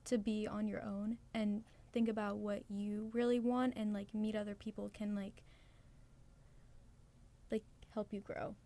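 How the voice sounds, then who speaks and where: A teenage girl from New Jersey co-hosting a podcast, laid-back and giggly, with halting filler-heavy speech. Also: mid-range voice, little pitch movement, dark tone. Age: teens. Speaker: podcast co-host. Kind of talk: casual chat.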